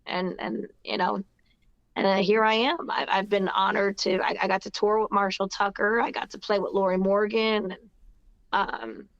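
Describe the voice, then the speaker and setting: A woman's voice: medium pitch, moderate pace, dry recording. A woman with a New Jersey accent chats through her story, upbeat and full of fillers and restarts. Her voice sits in a middle range, recorded dry and a little dull, with no room sound around her. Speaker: guest singer-songwriter. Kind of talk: casual interview chat.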